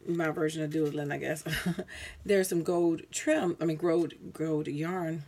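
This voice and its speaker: A woman's voice: low voice, steady tone, takes it slowly, dark tone. A woman showing her crafts in a casual, rambling vlog, tired, correcting herself with plenty of ums, recorded at home on a camera mic. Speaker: craft vlogger. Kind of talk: casual show-and-tell.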